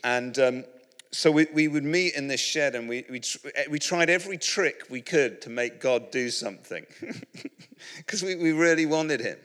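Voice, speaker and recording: A man's voice: on the high side, expressive, unhurried, fairly bright tone. A British man preaching in a humorous storytelling style, rambling and self-mocking with many restarts, to an audience in a large hall. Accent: British English. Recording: reverberant hall.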